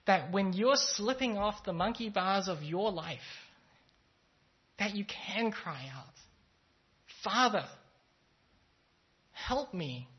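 A pastor giving a conversational sermon, telling a story in a relaxed, thoughtful way with frequent fillers. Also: mid-range voice, takes it slowly. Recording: slightly dull, lo-fi sound.

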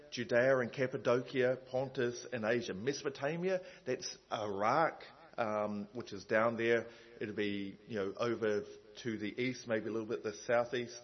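A man's voice: mid-range voice, lo-fi sound. A man preaching a sermon in a conversational way, with many asides and fillers.

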